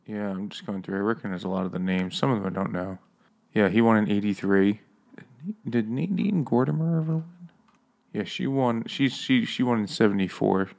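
A man's voice: fairly low pitch, fairly quick, gravelly, darkish tone. A man co-hosting a casual book podcast over beers, thinking aloud and sounding unsure of himself.

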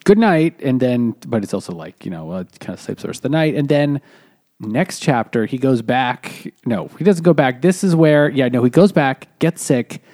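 A man's voice: medium pitch, lively intonation, moderate pace, darkish tone, no room sound, studio quality. A man co-hosting a podcast, retelling a book's plot in loose, profane casual chat. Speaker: podcast co-host. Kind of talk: casual book recap.

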